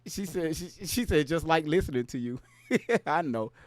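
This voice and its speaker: A man's voice: a little high, lively intonation, normal speed, no room sound. Casual male livestream host, dry sound. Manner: mumbling and trailing off into fillers, then laughing and ranting loudly.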